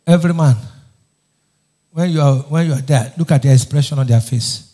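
Male pastor, higher register, emphatic sermon with call-and-response. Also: a little fast, dark tone. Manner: call-and-response questions to the congregation; emphatic preaching, often raising his voice.

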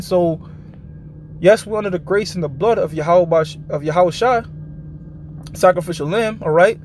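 A man with a notably high voice preaching live in a blunt, profane, street-talk manner. He keeps checking in with his listeners and drops into a slow, deliberate cadence whenever he reads scripture aloud. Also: a little mellow, a little hiss or hum. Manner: slows down for scripture passages. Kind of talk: informal preaching with scripture reading.

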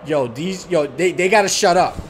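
A man's voice: high voice, normal speed, background noise. A young man streaming a horror game, talking in slang, swearing and crying out at every scare. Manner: jumpy, loud outbursts, swearing slang. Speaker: gaming channel host.

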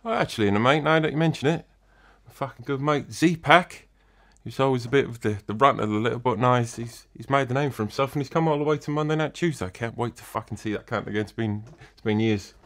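A man's voice: mid-range voice, fast, fairly bright tone, close to an everyday voice. A man playing a crude, swaggering old-school British wrestling legend, swearing constantly as an interview guest. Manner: swears constantly, cocky geezer bravado.

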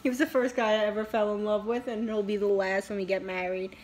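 Young woman vlogger, mid-pitched, rambling bathroom chatter full of swearing. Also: little pitch movement, fast, a little mellow, faint music behind. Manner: chatty, rambling, swears a lot and laughs often. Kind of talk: casual chat. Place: bathroom, in a towel.

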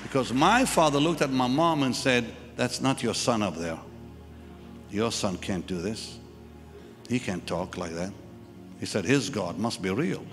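A man preaching a sermon at a live church service, telling a personal story and acting out the voices of the people in it. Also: medium pitch. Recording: live church hall with reverb and music.

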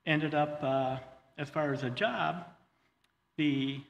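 A middle-aged man telling his personal testimony in a church, earnest and halting, with many fillers and restarts. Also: fairly high pitch, creaky, a little hiss or hum. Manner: earnest, says he gets choked up. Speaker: guest speaker sharing his testimony. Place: church hall. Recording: long hall reverb, faint ambience.

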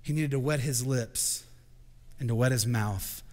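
A man preaching a sermon as senior pastor, moving from quiet, hushed reflection up to shouted proclamation. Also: medium pitch, unhurried, in a large hall. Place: church sanctuary.

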